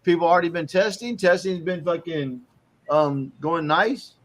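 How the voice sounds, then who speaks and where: A man's voice: a little high, moderate pace. A man in casual chat, laid-back and swearing, sometimes joking about himself. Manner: relaxed, profane, self-deprecating.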